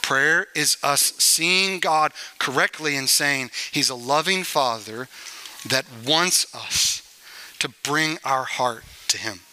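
A man's voice: on the high side, slow pace, sharp tone, rough recording. A man in his forties, a senior pastor, preaching a sermon and telling a family story, acting out pleading voices along the way.

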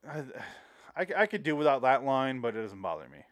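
A man's voice: medium pitch, a little fast, no room sound. A man chatting about a movie he loves, swearing freely and acting out the scenes he retells. His voice sits in a middle range and sounds dry and close to the mic. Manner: animated, profane, acts out scenes. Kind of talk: casual movie discussion.

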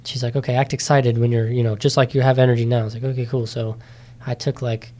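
A nineteen-year-old man in a casual interview, telling his story with many ums and likes and lively quoted voices. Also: medium pitch, quick pace. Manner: chatty, animated when quoting others, many ums and likes. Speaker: interview guest, competitor.

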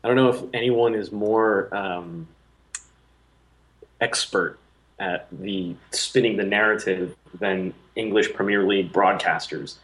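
A man's voice: fairly low pitch, fairly even intonation, unhurried, a bit bright, rough recording. A man in casual podcast talk about football media, thinking aloud with frequent ums and restarts. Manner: thoughtful, hesitant with many fillers. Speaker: podcast co-host. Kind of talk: casual chat.

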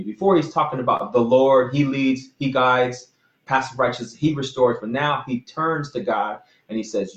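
Earnest rambling pastor, echoey room. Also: male voice, medium pitch, moderate pace, highs cut off. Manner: earnest, rambling with frequent restarts and apologies. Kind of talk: informal sermon.

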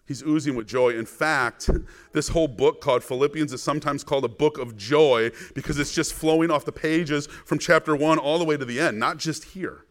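A man's voice: on the high side, normal speed. A man preaching a sermon as pastor, earnest and emphatic, asking his congregation rhetorical questions.

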